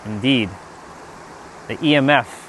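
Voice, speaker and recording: A man in a casual spiritual monologue, animated and swearing, talking back to God in mock dialogue. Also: medium pitch, unhurried, slight background noise. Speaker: spiritual vlogger.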